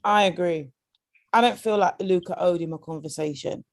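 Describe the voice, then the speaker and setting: A woman's voice: lowish voice, moderate pace, no room sound, clean studio sound. A British woman co-hosting a podcast, chatting frankly and casually, often repeating herself as she talks. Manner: frank, repeats words, lots of filler phrases. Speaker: podcast co-host. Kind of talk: casual chat.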